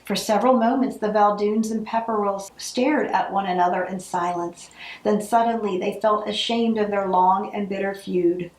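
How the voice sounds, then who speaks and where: A woman reading a holiday picture book aloud, with expressive narration. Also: medium pitch, moderate pace, echoey room, poor audio. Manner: expressive, acts out the characters. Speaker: storybook reader.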